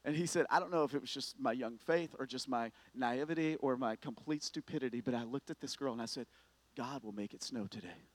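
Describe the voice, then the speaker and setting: A man preaching a sermon, telling a story with lively swings from hushed to loud, emphatic repetition. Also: medium pitch, brisk, no echo. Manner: repeats words when starting sentences. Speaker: pastor.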